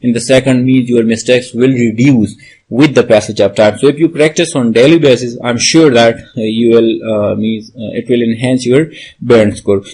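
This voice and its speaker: A man's voice: mid-range voice, steady tone, normal speed, darkish tone, slightly rough, rough recording. A man explaining speaking-exam tips as a tutor, hesitant and full of "uh, means" fillers, restating each point. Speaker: IELTS tutor.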